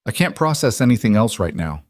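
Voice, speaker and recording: A man's voice: fairly low pitch, big pitch swings, a little fast, a little mellow, no room sound, studio quality. A man voicing a guarded young woman on the run in an audiobook, speaking in clipped, tired phrases. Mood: tense. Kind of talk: audiobook character voice.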